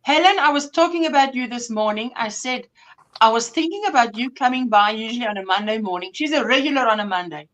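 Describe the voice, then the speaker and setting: A woman's voice: a little high, animated, fast, fairly bright tone. A woman from South Africa hosting a casual livestream at home, chatting and greeting viewers by name. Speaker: livestream host. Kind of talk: casual chat reading out viewer comments.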